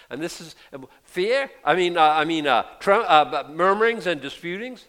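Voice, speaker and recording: A man's voice: a little high, lively intonation, normal speed, a bit bright. An older man in his sixties preaching a sermon in a conversational way, acting out quotes in little voices. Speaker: pastor.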